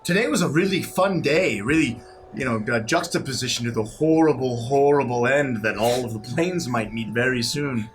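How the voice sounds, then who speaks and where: A man's voice: mid-range voice, moderate pace, slight background noise. A man playing his character in a tabletop game, speaking earnestly with stammers. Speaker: player. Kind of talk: in-character role-play.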